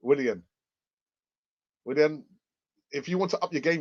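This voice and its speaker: An English man runs a fan channel live chat, reading comments while rambling, repeating himself, coughing and leaning on fillers. His voice is fairly high and a little slow, and the lo-fi audio sounds muffled.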